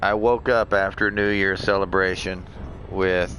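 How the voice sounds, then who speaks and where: A man's voice: deep voice, level tone, measured pace, fairly bright tone, a little hiss or hum. A man streaming a space game, chatting casually and joking with friends as he plays. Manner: joking, rambling. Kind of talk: casual gameplay chat.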